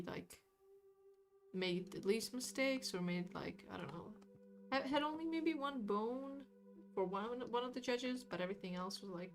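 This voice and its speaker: A woman art streamer chatting casually while she paints, rambling with lots of fillers and hedges. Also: mid-range voice. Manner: rambling, hedging, many fillers and restarts. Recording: music playing behind.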